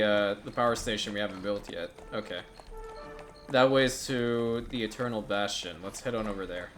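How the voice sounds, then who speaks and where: A man giving casual, chatty commentary over a city-building game, turning gleeful and loud when something delights him. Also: mid-range voice. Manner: chatty, excitable, bursts into gleeful shouting. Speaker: gaming YouTuber.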